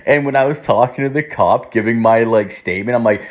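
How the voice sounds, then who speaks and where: A young man with a lowish voice tells a long story in loose, casual talk. He rambles, swears constantly, and leans on "like" between nearly every phrase. He often acts out quoted lines from other people. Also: a little fast, hardly any pauses.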